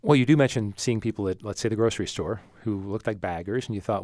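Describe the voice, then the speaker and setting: A man's voice: fairly low pitch, fast, hardly any pauses, darkish tone, no echo, studio quality. A man hosting a radio show, introducing a guest and asking probing questions in a conversational way. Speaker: radio host. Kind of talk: radio interview. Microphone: studio mic.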